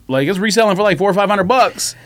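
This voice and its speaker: A man co-hosting a podcast in casual chat, relaxed and hedging his points. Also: high voice, quick pace, no echo.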